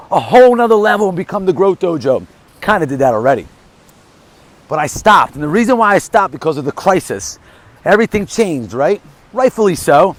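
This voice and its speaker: Middle-aged guy, fired-up motivational vlog, kinda high voice, punchy delivery. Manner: energetic storytelling, emphatic. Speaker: motivational vlogger. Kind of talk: casual motivational monologue.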